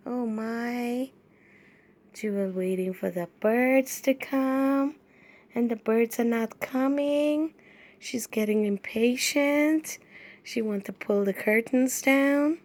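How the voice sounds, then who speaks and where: A woman filming her kitten and talking to it in sing-song baby talk, asking it many gentle questions. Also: fairly high pitch, slow pace. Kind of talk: cooing pet talk.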